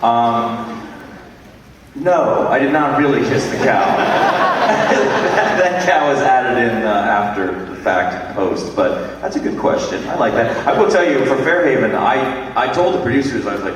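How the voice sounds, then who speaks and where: A man's voice: mid-range voice, animated, measured pace, very noisy. A man joking and teasing as a guest on a convention panel. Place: large convention hall. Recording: echoey hall from far off, crowd.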